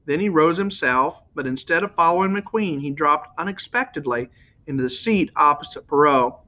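A man reads a novel aloud in a home-made audiobook style, now and then tripping over a word and correcting himself. His voice is bright and sits a little high. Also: animated, moderate pace. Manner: reads with small slips and self-corrections. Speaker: audiobook reader.

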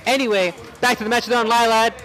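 A young Canadian man doing excited, stammering play-by-play commentary at a loud tournament, shouting over a cheering crowd. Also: very high-pitched, brisk. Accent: Canadian English. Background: crowd cheering and music.

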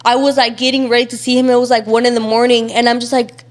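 Young woman, slightly high voice, casual storytelling, lots of "like", swears freely. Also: flat delivery. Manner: fast chatty, heavy use of "like", swearing. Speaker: guest.

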